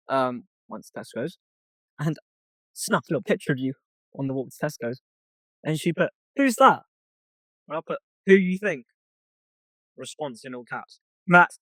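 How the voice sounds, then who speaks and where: A man's voice: mid-range voice, normal speed, long pauses, a bit bright, no echo. A young man co-hosting a casual podcast, telling a story by reading out text messages and swearing often. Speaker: podcast co-host. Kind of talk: casual chat.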